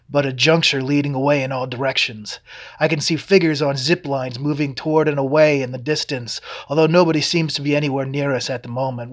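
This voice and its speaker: A male author reading his own novel aloud in steady first-person narration. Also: medium pitch.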